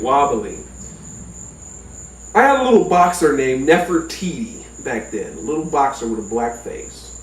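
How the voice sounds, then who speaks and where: Guy telling a wild story, swooping lively voice, swears a lot, echoey room far from mic. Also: unhurried, slight background noise. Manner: animated, profane, jumps into high yelps. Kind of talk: casual storytelling monologue. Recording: roomy sound from a distant mic.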